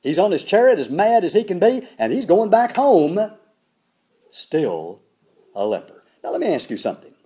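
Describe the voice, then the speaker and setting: A man's voice: high voice, moderate pace. An older man preaching a sermon, telling a Bible story and acting out the characters in it. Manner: animated, acts out the characters in the story.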